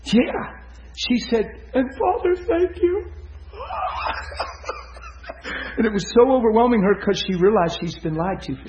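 A man preaching, telling stories to his listeners, swinging from loud excitement to hushed tenderness. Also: fairly high pitch, roomy sound, muffled recording. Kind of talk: sermon storytelling.

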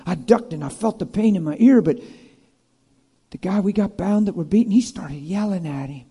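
A man voicing a hushed, awestruck servant. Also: sits high, normal speed, slightly rough. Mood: hushed awe. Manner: hushed, earnest storytelling. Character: awestruck ancient male servant, ear just healed.

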